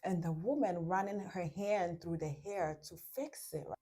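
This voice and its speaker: A woman talks through relationship advice in a relaxed vlog, her voice sitting a little low. She walks through examples, slips into quoted lines, and keeps asking "right?" Soft music plays faintly underneath. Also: moderate pace. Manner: explains with examples and acts out quotes, often tags "right?". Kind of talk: casual advice talk to camera.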